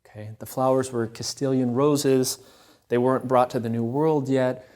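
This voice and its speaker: A man retelling a sacred story at a Catholic gathering. He talks conversationally and animatedly, often checking in with listeners, at a middling pitch. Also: steady tone, moderate pace, a little mellow. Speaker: speaker at a Catholic event. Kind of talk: storytelling talk.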